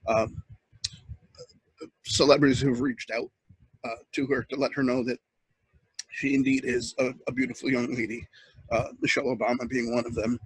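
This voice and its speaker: A man hosting a casual webcam monologue, talking earnestly in a halting way with many restarts. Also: mid-range voice, little pitch movement, husky, dry recording, poor audio. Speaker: host.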